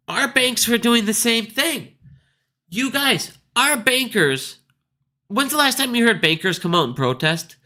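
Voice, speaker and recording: A man's voice: sits high, pushed and bright. A man hosting his own market video, ranting casually in a blunt, profane, scornful way. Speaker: stock market video host.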